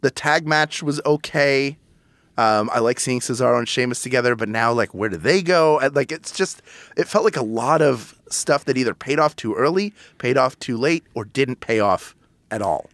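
A man hosting a casual wrestling podcast, playful and animated, with theatrical introductions. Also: mid-range voice, normal speed, dry recording. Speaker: podcast host.

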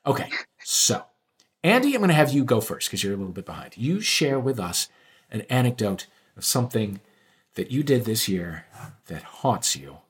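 A man's voice: mid-range voice, big pitch swings, moderate pace. A man hosting a comedy podcast game, teasing his guests with playful, mock-grand announcements. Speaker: game show host.

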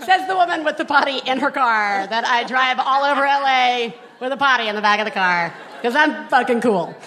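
A woman's voice: high-pitched, expressive, brisk, sharp tone, some chatter behind, a little hiss or hum. A woman co-hosting a live comedy podcast on stage, brash and profane, mock-scolding her co-host. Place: live stage before an audience.

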